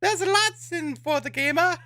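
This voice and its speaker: A man putting on a high, warbling old-lady voice to read out messages on a podcast as a joke. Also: a little slow, pushed and bright, no room sound, exaggerated voice. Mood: comic. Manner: high warbling falsetto, sing-song. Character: shrill falsetto old-lady voice, prim and silly.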